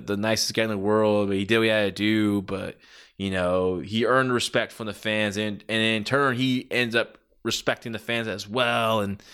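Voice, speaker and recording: A man's voice: fairly low pitch, fairly bright tone, smooth. A man talking through how he would have booked a wrestling storyline, rambling with many fillers and restarts. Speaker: wrestling commentator. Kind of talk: casual spoken analysis.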